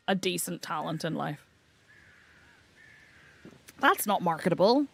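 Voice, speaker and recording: A woman's voice: fairly low pitch, lively intonation, a little slow, vocal fry, long pauses, fairly bright tone, dry recording. A young British woman chatting casually and giggling as she streams a farming game. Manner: giggly, chatty, self-mocking. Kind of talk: casual game livestream chat.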